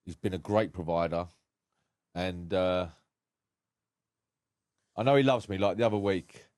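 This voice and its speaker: Man, very deep voice, dry close sound, frank emotional storytelling, swears. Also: unhurried, darkish tone, no room sound. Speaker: podcast guest. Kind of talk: candid personal storytelling.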